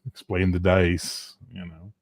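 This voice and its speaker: A tired man chatting casually as co-host, swearing and joking with big swings in loudness. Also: sits low, completely flat delivery, slow, dry recording, studio quality. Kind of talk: casual chat.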